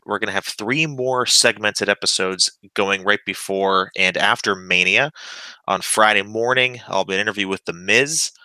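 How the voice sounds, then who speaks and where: A man's voice: on the low side, pushed and bright, clean tone, no room sound, poor audio. A man hosting a casual wrestling podcast, joking with his co-host and plugging the show. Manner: jokey, quick plugs and banter.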